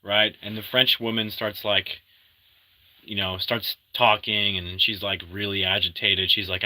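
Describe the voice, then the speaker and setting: A man casually retelling a movie plot in an animated way, acting out the characters' lines and often restarting his sentences. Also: fairly low pitch, normal speed, dry recording, low-quality recording. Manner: animated storyteller, acts out quotes, many restarts. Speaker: movie recap host. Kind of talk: casual spoken movie recap.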